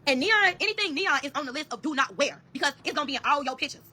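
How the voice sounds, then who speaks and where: A woman's voice: sits high, animated, rapid-fire, pushed and bright. A woman telling her own story on a phone livestream, profane and emphatic, constantly calling out to her viewers. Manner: profane, emphatic, keeps addressing viewers as y'all. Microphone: phone camera on a livestream.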